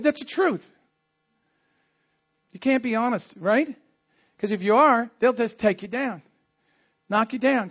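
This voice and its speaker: High-voiced pastor preaching animatedly. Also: male voice. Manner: animated storytelling with quoted asides. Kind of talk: sermon. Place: church.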